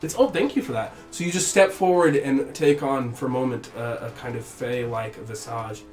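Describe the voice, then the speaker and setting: Halting male game master, roomy echo, faint music behind. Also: medium pitch, a little mellow. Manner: halting, hesitant, many fillers. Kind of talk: narrating a tabletop game.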